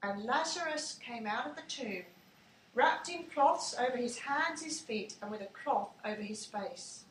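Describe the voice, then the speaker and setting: A woman reads a Bible story aloud in a slow, measured storytelling manner. Her voice is high and bright. The sound comes from a distance in an echoey room with faint ambience behind her. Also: expressive, a little hiss or hum. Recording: echoey room, mic far off.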